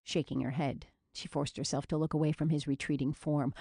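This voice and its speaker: A woman narrating a romance novel as an audiobook in measured storytelling. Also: low voice, steady tone, vocal fry, dark tone, husky, no room sound, studio quality.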